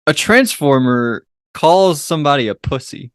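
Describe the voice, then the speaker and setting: Easygoing male co-host, lively pitch. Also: a little slow, clear, resonant tone, no echo, studio quality. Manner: easygoing, retells scenes, laughs. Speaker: podcast co-host. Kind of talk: casual film review chat.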